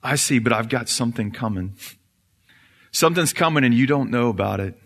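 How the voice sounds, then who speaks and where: A pastor voicing God as a calm, patient male figure who answers with quiet confidence. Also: medium pitch. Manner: calm, assured, unhurried. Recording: reverberant church hall.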